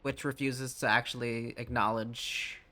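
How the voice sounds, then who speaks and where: A man's voice: medium pitch, level tone, a little slow, sharp tone. A man from Tennessee chatting casually with viewers while playing a game, rambling and easily sidetracked. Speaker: streamer. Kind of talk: casual live-stream chat while gaming.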